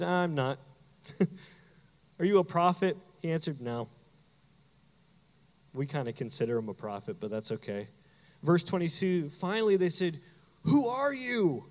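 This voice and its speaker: Animated preacher in a reverberant hall. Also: male voice, a little high. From Canada. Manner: animated storytelling, acts out quoted voices. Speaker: pastor. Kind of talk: sermon with personal story.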